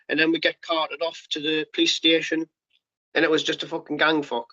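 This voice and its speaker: A man's voice: a little high, monotone, bright, forceful tone. Blunt, sweary man. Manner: blunt and sweary, rapid restarts, acts out quoted voices. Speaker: podcast guest, former paratrooper. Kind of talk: candid storytelling interview. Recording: muffled lo-fi podcast audio.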